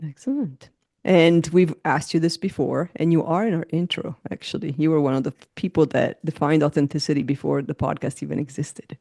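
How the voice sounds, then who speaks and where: A woman's voice: low-pitched, fairly quick, gravelly, warm tone, no echo, clean studio sound. A woman hosting a podcast, chatting casually and laughing often. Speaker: podcast host.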